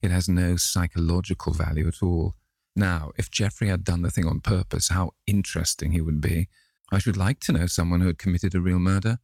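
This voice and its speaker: A man's voice: low voice, steady tone, fairly quick, vocal fry, a little mellow, no room sound, studio quality. A man playing a languid cynical aristocrat. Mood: wry.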